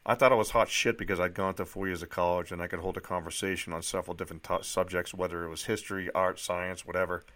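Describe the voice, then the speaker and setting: Man, deep voice, personal memoir reading, candid, reflective, occasional restarts. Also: flat delivery, quick pace, few pauses, fairly bright tone.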